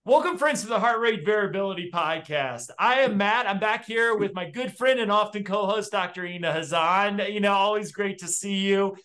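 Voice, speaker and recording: A man's voice: sits high, normal speed, hardly any pauses, fairly bright tone. A man hosting a podcast, introducing a guest in a friendly way with many fillers. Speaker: podcast host. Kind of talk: casual interview hosting.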